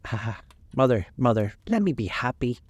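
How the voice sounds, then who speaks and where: A man's voice: mid-range voice, sing-song, moderate pace, breathy edge, dry recording. A man voicing a dreamy, adoring young woman who speaks eagerly and pleads. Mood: pleading.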